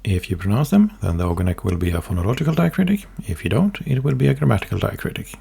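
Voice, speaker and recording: Gravelly low-voiced man explaining carefully. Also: very animated, warm tone. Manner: careful, measured, lecturing. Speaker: language hobbyist presenter. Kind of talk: scripted explanatory narration.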